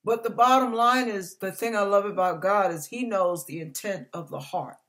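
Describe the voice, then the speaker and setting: A woman's voice: mid-range voice, normal speed, fairly bright tone. An older woman pastor giving an online church sermon, earnest and conversational, building to emphatic repetition.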